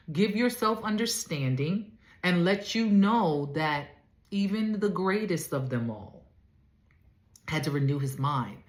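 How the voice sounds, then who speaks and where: In an echoey room, a female life coach gives emphatic, preacherly faith-based teaching, addressing listeners directly. Her voice sits on the low side.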